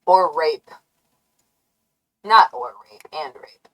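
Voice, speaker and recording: A woman's voice: low voice, slow pace, slight background noise, rough recording. A woman live streamer rambling in a brash, taunting, profane way. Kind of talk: rambling livestream rant.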